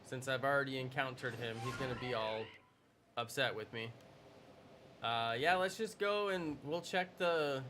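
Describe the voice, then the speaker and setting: A man's voice: mid-range voice, normal speed, background noise. A man in his thirties giving chatty, playful live-stream commentary while he plays a game and jokes with his viewers. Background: game music.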